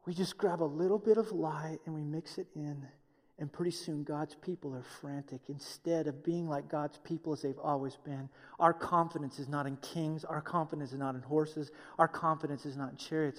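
Male pastor, lively sermon delivery, fairly high voice, hall reverb. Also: normal speed. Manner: animated, acts out voices of others, jokey asides.

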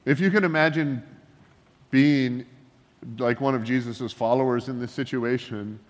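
A man preaching a sermon in a relaxed, joking, conversational way, full of asides and wry humor. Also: mid-range voice, unhurried, in a large hall. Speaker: pastor.

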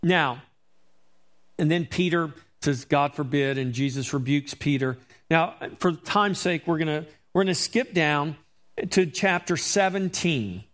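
A man's voice: on the high side, measured pace, a bit bright. A man preaching a sermon as pastor, reading scripture and explaining it emphatically, with rhetorical questions to his congregation.

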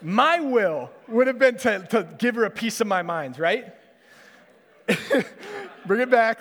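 A man's voice: high-pitched, measured pace, fairly bright tone. A young man giving a sermon as a conversational personal story, laughing often and using many fillers. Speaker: preacher. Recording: long hall reverb.

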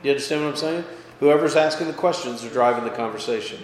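A man's voice: medium pitch, fast talker. Pastor man teaching in an echoey hall. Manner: casual, checks in with listeners with frequent "okay?" and "right?"; lively, pushes his voice up for emphasis. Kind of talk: conversational Bible study teaching. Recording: echoey hall with faint background noise.

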